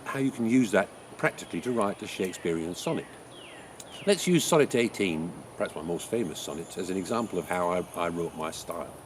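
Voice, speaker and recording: An actor with an English accent playing the playwright Shakespeare, chattily teaching how to write a sonnet. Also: male voice, on the low side, darkish tone, a little hiss or hum. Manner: chatty, explains things with homely examples. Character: William Shakespeare, chatty old male playwright. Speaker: writing teacher. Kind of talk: in-character writing lesson.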